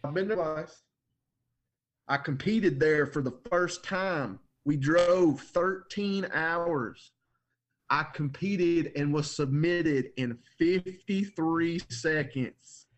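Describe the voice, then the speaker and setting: A man's voice: on the high side, takes it slowly. A man co-hosting a podcast in casual chat, telling jokey, laid-back stories. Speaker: podcast co-host.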